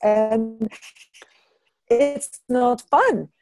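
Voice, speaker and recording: A woman's voice: a little high, very slow, a little mellow, no echo, faint music behind. A woman co-hosting a casual chat, telling stories animatedly, acting out quotes and laughing often. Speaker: co-host.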